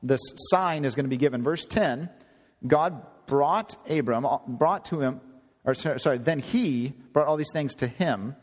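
A man preaching a conversational sermon, often climbing higher in pitch for emphasis. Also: unhurried. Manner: conversational, animated, rising to high emphasis. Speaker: pastor. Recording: long hall reverb.

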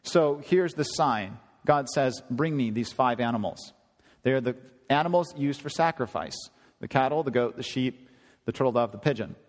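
A man preaching in a casual, conversational way, his voice jumping higher when he stresses a point. His voice carries a long hall reverb, as if from a church hall. His pitch sits mid-range for a man. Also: normal speed. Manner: conversational, animated, rising to high emphasis. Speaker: pastor. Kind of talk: sermon.

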